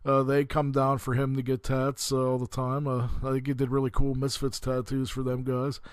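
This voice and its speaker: A man's voice: mid-range voice, completely flat delivery, moderate pace, clear, resonant tone, no echo. Male host, easygoing and rambling, dry and close. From western Pennsylvania. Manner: rambling, many "uh" fillers, calls listeners "cats". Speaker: podcast host. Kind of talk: casual chat.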